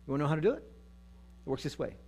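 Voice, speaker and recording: A man preaching a sermon, dramatic, moving from loud emphasis to hushed asides. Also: a little high, big pitch swings, fast. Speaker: pastor.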